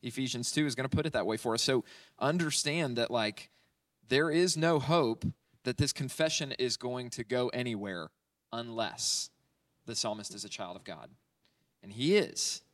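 This pastor teaches through a psalm verse by verse, keeping it conversational with lots of fillers and frequent "right?" check-ins between points. His voice is medium-pitched and fairly bright, at a normal speed, captured by a distant mic with no room sound.

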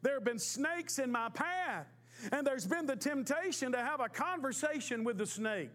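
A man's voice: very high-pitched, expressive, normal speed, fairly bright tone. A man in his fifties, a pastor, preaching a sermon in a folksy storytelling way with emphatic repetition. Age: 50s.

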